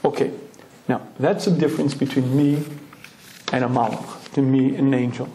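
A male Torah lecturer telling a lively story, clearing his throat often. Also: medium pitch, normal speed, a little hiss or hum. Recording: roomy echoing hall.

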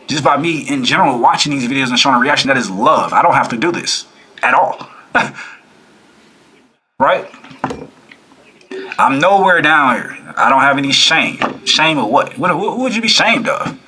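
With a mid-range voice at normal speed, a male reaction-video host preaches to viewers in an animated, casual manner, full of repeated phrases and rhetorical questions. He takes long pauses, and slight background noise can be heard.

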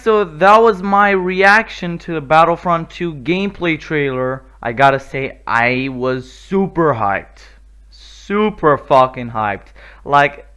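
A man hosting a casual video reaction, excitable and swearing freely, breaking into loud exclamations. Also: a little high, clear, resonant tone. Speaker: YouTube reaction host.

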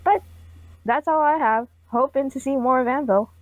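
A woman's voice: high voice, moderate pace, no room sound, highs cut off. A woman co-hosting a casual podcast, giving bubbly, rambling feedback on a comic. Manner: bubbly, rambling, playful voices. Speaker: co-host reviewing comics.

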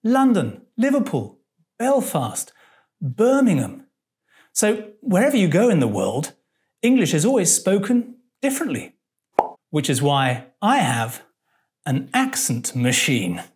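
A woman presents an English lesson at a slow, unhurried pace. Her voice sits slightly low but swings widely in pitch. She talks playfully, full of fillers and puzzled little asides. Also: wildly swooping pitch, a little mellow. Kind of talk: scripted educational presentation.

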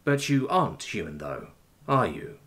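A man voicing a calm, patient male interrogator who questions mildly and evenly. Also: mid-range voice, moderate pace. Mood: calm probing. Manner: mild, even, coaxing questioning.

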